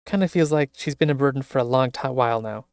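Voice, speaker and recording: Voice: medium pitch, fast, a little mellow, clear, resonant tone, dry recording. A streamer on a close microphone reading a visual novel aloud, with wry asides.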